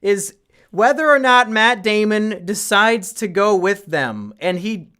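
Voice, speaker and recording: Rambling young man, fairly high voice. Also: expressive, slow. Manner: rambling, swears often, trails off into quiet asides. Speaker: podcast co-host reviewing films. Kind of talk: casual chat.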